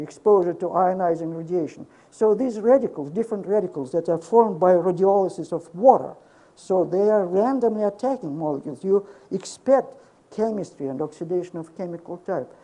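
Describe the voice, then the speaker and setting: An older male scientist gives a conference lecture in a dark, mellow voice. He explains methodically and stresses key points. He often pauses to ask the audience "okay?". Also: high-pitched, low-quality recording. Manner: explanatory, emphatic, checks in with "okay?".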